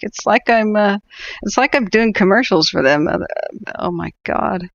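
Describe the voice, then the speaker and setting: Sardonic woman with a gravelly voice. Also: fairly low pitch, no echo, highs cut off. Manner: sardonic, laughs often, rambling. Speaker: wildfire-tracking livestream host. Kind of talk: live stream commentary.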